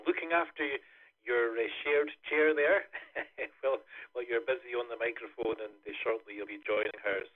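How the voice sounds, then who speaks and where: A Scottish man hosting a ham radio net, chatting in a rambling way with many fillers. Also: mid-range voice. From Scotland. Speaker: net host. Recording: tinny radio link.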